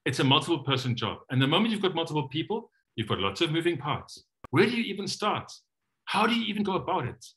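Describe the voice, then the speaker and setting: Male trainer, bright and lively delivery, teaches by acting out sample questions on a video call. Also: fairly high pitch, fast talker. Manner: animated, acts out questions in different voices. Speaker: coaching trainer. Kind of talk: online training session.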